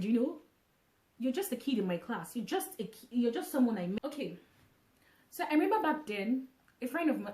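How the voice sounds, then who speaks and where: A woman vlogging casually to camera, from Nigeria, who talks in an animated way, repeating phrases and restarting often. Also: fairly high pitch, echoey room.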